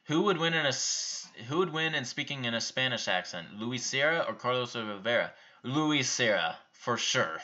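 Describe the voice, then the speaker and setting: Young guy doing a stream q&a, bright edgy voice, blunt quick answers, kinda muffled lo-fi audio. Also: mid-range voice, expressive. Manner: offhand, reads out questions and answers bluntly. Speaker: YouTube channel host answering viewer questions. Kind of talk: casual live-stream Q&A.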